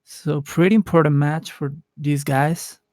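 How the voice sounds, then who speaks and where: A man from Colombia commentating a live speedrun match late at night, in a relaxed, low voice with halting restarts. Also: dry recording.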